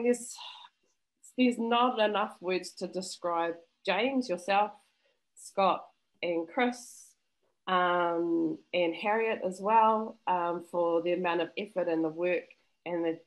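A woman's voice: fairly low pitch, takes it slowly, rough recording. A woman speaking over a video call, giving an effusive, emotional and grateful testimonial in a heartfelt way. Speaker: student interviewee.

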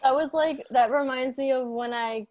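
A woman in her twenties chatting casually on a podcast, telling animated stories with lots of "like". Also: high voice, normal speed, dry recording. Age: 20s. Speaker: sports journalism intern.

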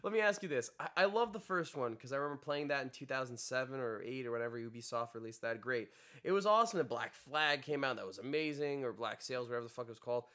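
Excitable fast-talking man. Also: medium pitch. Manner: excitable, does goofy character voices. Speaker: podcast host. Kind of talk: casual chat.

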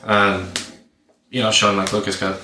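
A man's voice: lowish voice, moderate pace. A young man in his twenties, a podcast co-host and hunting guide, telling a story casually with lots of profanity and acted-out dialogue. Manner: profane, animated storyteller acting out both sides. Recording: roomy, distant mic with faint noise.

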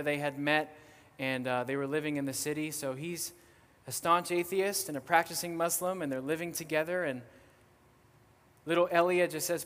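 A young man speaks as a missionary guest preacher, telling a story in a casual, lively way full of little fillers. His voice sits a bit high for a man. It rings out with the long reverb of a church hall. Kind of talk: storytelling sermon. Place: church sanctuary.

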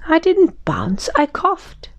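Lady doing a squeaky happy storybook tiger, kinda bouncy. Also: wildly swooping pitch, slow pace, no echo, dull audio, heavily acted. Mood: cheerful. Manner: cheerful, then cross. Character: cheerful bouncy male tiger.

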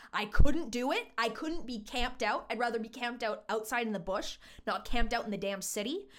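Young woman spilling a wild story, kinda high voice, animated and jokey, says bro a lot. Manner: animated, self-mocking, slangy. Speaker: podcast host. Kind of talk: casual storytime.

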